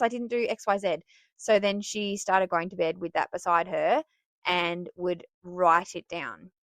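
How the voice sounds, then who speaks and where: A woman's voice: lowish voice, no room sound. A woman hosting a podcast for teachers, giving casual advice in a chatty way and laughing at herself. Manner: chatty and self-laughing, with bursts of excitement.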